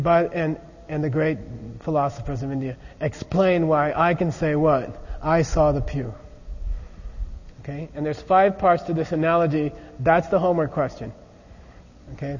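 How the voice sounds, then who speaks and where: Man lecturing, lively and chatty, fairly high voice, echoing hall. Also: normal speed. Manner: animated, often checks in with 'okay?'. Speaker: teacher. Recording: muffled recording in a large echoey hall.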